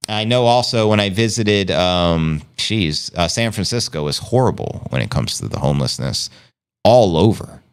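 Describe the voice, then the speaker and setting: Man, livestream host, low-ish voice, animated delivery, laid-back slangy chat. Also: moderate pace, smooth. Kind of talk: casual livestream chat, reading comments aloud.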